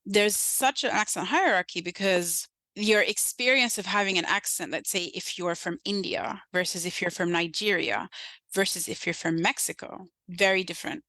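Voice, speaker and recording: Woman podcast guest, bright and emphatic, close dry sound. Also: fairly low pitch, moderate pace, no room sound, rough recording. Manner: emphatic, animated storytelling. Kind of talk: conversational interview.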